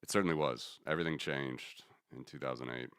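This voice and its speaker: A man's voice: a bass voice, brisk, fairly bright tone, clean tone, dry recording, studio quality. A man hosting a casual commentary stream, rambling and correcting himself as he talks through charts. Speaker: host.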